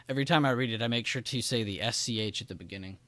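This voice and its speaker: This trading livestream host has a medium-pitched, pushed, bright voice and a brisk delivery, heard on a dry recording. He keeps things casual, talking markets, laughing a lot, and addressing the chat directly.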